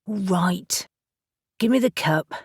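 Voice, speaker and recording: Woman narrator voicing a stubborn grumbling young man, swearing, slow unhurried delivery, dry close sound, audiobook. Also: on the low side, lively intonation, breathy edge, dry recording, heavily acted.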